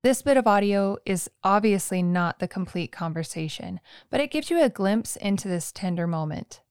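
A woman narrating a true crime podcast in a calm, measured scripted read. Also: medium pitch, clear, resonant tone, no echo, clean studio sound.

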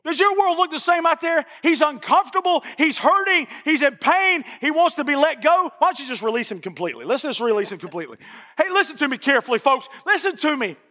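A man preaching a sermon in a church with passion, repeating phrases for emphasis and rising to shouts at the peaks. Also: very high-pitched, sing-song, fast talker. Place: church sanctuary. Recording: long reverb of a church hall.

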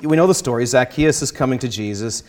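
A man's voice: medium pitch, a little mellow, a little hiss or hum. Earnest man teaching on faith. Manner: earnest, measured, slows down to stress key phrases; quotes scripture, halting restarts. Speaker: Christian guest speaker.

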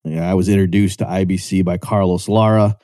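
A man with a steady, warm voice lectures on economics a little fast, recorded in clean studio sound with no echo. Conversational and explanatory, he asks listeners "right?" and raises his pitch to voice quoted remarks.

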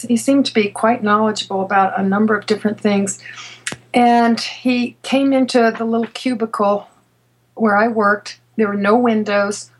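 A woman guest telling a personal story in conversation, halting and restarting her sentences, laughing now and then. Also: medium pitch, poor audio. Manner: halting, with many restarts and repeated words. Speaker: interview guest.

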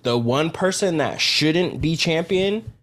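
A man's voice: on the high side, expressive, slow, a bit bright. A young man co-hosting a casual sports chat, laid-back and slangy, with many fillers. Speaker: podcast co-host.

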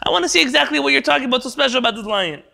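A man's voice: very high-pitched, animated, racing, creaky, sharp tone, pitched above the performer's own voice, full character voice. A man voicing a demanding Roman emperor who keeps pressing with insistent questions in a Torah class.

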